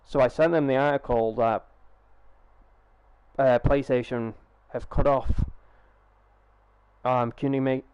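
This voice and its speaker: A man's voice: mid-range voice, steady tone, measured pace, long pauses, darkish tone, clean tone, no room sound. A young man chatting casually on a live gaming stream through a headset, rambling, swearing freely and restarting his sentences.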